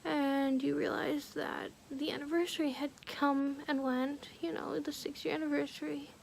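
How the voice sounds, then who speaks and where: A woman talks to camera in a high voice with a gravelly edge. She tells a personal story in a hushed, halting way. She often drops into a whisper and leans on "like" between phrases, with a faint hiss of background noise. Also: flat delivery. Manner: halting, heavy use of "like". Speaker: vlogger.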